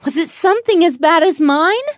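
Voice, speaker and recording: A woman's voice: very high voice, animated, normal speed, no room sound, studio quality, pitched above the performer's own voice. A woman voicing a small, sweet, earnest girl who keeps spilling things, in an eager, sing-song childlike manner. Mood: curious.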